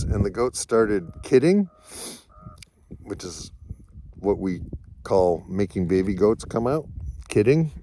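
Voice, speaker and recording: A sheep farmer with a lowish, darkish voice delivers a rambling, reflective vlog monologue outdoors on his snowy farm. Every so often he calls out to his dogs.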